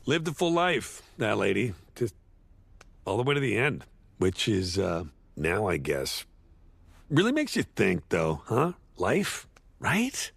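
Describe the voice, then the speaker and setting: A man's voice: fairly low pitch, wildly swooping pitch, slow pace, creaky, husky, dry recording, full character voice. A man playing a sardonic, washed-up male horse actor who rambles through a eulogy with awkward, sarcastic jokes. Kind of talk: comedic eulogy monologue.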